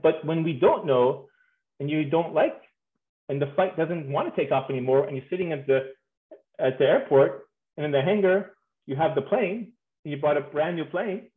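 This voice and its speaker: A man giving a humorous conference talk on marriage, animated and playful, acting out voices and laughing often. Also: on the high side, normal speed. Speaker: speaker on marriage. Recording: tinny phone-like sound in an echoey room.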